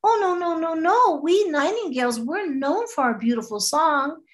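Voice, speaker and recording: A woman voicing a gentle, proud nightingale in a told fable, pleading and wounded. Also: very high-pitched, expressive, normal speed, voice pushed up. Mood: hurt.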